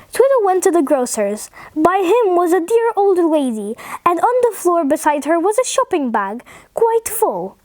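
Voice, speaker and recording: A woman reading a funny children's story aloud, cheerful and expressive. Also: extremely high pitch, moderate pace, no room sound. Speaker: storybook reader.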